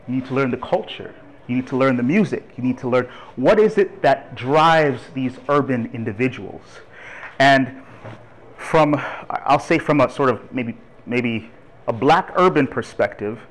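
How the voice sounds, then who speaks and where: A man in his thirties from Toronto gives a lively, chatty church talk on urban ministry and laughs along with the congregation. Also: medium pitch, poor audio. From Toronto, Canada. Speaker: guest speaker on urban ministry.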